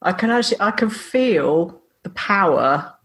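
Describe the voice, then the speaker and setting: A woman's voice: mid-range voice, animated, unhurried, a bit bright. A woman hosting a podcast interview, affirming and encouraging her guest. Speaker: podcast host.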